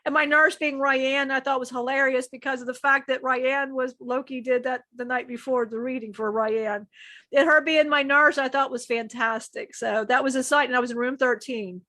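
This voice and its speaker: A woman's voice: high-pitched, steady tone, moderate pace, bright, forceful tone, no room sound. A woman co-hosting a live stream, sharing personal struggles in a rambling, emotional way, often restarting sentences and swearing casually. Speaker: channeler co-host.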